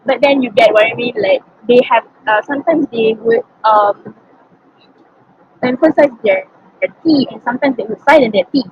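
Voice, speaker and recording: A woman's voice: on the high side, moderate pace, breathy edge, muffled recording. A young woman from Malaysia with a Malaysian English accent, answering interview questions hesitantly with many fillers and self-corrections. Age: young adult. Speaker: student interviewee.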